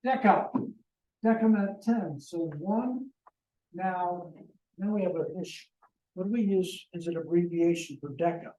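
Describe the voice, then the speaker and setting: Joking man teaching math slowly. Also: sits high, warm tone, echoey room, distant mic, rough recording. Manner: joking, talks to students directly. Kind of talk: classroom lecture.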